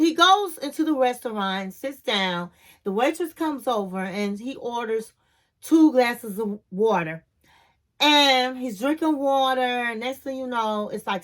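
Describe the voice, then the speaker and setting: A woman hosting a casual reality TV recap, retelling scenes and quoting people with sassy asides. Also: on the high side.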